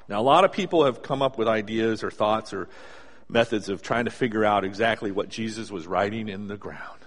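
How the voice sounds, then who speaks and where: A man preaching a sermon in a conversational, animated storytelling way, acting out asides as he goes. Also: lowish voice, a little fast. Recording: long hall reverb.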